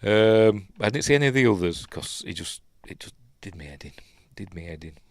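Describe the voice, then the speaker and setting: Rambling Yorkshire man, lively pitch. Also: brisk, no echo, studio quality. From Yorkshire, England. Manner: rambling, opinionated, muttering asides. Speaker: live stream news host. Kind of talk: casual live stream commentary.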